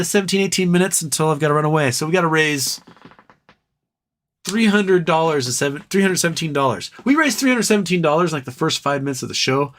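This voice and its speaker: A man's voice: on the high side, fairly bright tone, a little hiss or hum. A man hosting a casual livestream, reading viewer comments aloud and riffing on them in a loose, joking, profane way. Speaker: livestream host.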